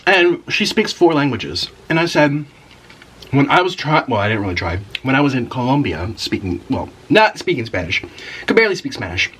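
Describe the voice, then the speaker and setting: A man's voice: medium pitch, very animated, moderate pace, fairly bright tone, a little hiss or hum, rough recording. A man hosting an eating video, chatting casually and rambling while he eats and murmurs with each bite. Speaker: mukbang host.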